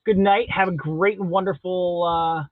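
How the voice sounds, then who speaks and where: A man with a notably high voice hosts a live stream in a relaxed, joking way as he reads and answers comments. The sound is dull and dry, with lo-fi stream audio and no room echo. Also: normal speed. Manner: jokey, playful, answers viewer comments. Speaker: host of a live drawing stream. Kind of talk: casual live-stream chat.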